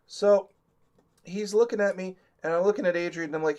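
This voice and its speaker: A man's voice: high-pitched, fairly even intonation, fairly quick, a little mellow. A man telling a comic story as a live-stream co-host, talkative, laughing through it and acting out the quotes.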